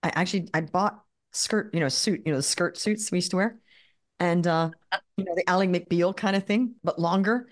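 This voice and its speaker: A woman's voice: fairly low pitch, normal speed. A woman in her fifties, a podcast guest telling chatty anecdotes full of "like" and "you know.". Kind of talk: casual storytelling interview.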